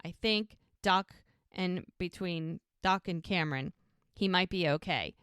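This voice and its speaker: A woman co-hosting a podcast, casually retelling scenes of a TV episode in an animated way and acting out the characters' lines. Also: on the low side, a little slow, clear, resonant tone, no echo. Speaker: podcast co-host recapping a TV show. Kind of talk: casual recap storytelling.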